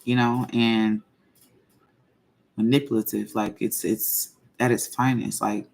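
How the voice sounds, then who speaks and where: A woman hosting her own channel, talking in a casual livestream and venting slowly and deliberately, circling back to repeat her points. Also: extremely low pitch, flat delivery, vocal fry, darkish tone. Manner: slow, measured venting, repeats herself. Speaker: channel host.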